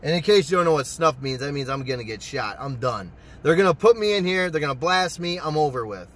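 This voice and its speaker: A young man telling a personal story to his channel in a casual, profane, excitable way. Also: fairly high pitch, fairly quick. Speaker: storytime vlogger.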